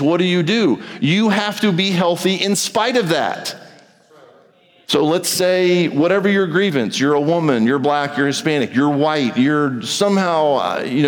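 A male pastor preaches in a hall with a long reverb tail. He talks in a conversational way, plays out imagined back-and-forth exchanges, and swings from hushed low passages to raised, urgent highs. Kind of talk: sermon.

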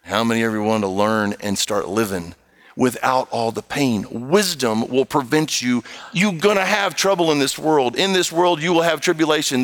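A man preaching an animated sermon, reading scripture and raising his voice to exhort the congregation. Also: smooth. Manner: animated, shifts between low quotes and raised exhortation.

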